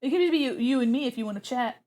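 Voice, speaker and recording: A young woman on her art stream talks in a casual, playful way, with a slightly high voice. She chats with her viewers as she draws and speaks close to her desk microphone. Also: racing, a little mellow. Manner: playful, chatty, imitates her cats with squeaky noises. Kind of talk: casual livestream chat while drawing.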